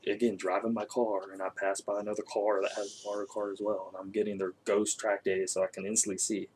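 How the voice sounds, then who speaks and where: A man talking casually about video games in an animated way, laughing often and swearing. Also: on the low side, fast talker, a little hiss or hum. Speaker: co-host. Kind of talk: casual gaming chat.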